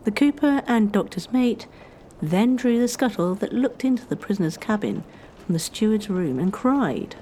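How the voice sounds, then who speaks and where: Mellow woman narrating history. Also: medium pitch, lively intonation, a little hiss or hum. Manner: measured storytelling.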